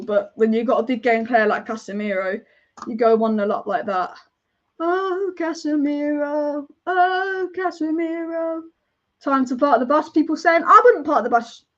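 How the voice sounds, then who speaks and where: A young woman hosting a live football watch-along, excitable and casual, chanting and swearing as she reacts. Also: on the high side. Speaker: football fan livestream host. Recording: dull lo-fi stream audio.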